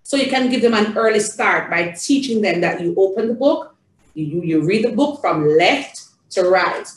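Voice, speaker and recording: Animated Jamaican woman, sing-song storytime voice. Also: medium pitch, normal speed, reverberant, distant mic, poor audio. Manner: sing-song, animated, shifting between coaching parents and coaxing a child. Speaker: early childhood educator. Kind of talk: demonstrating reading a storybook to a toddler.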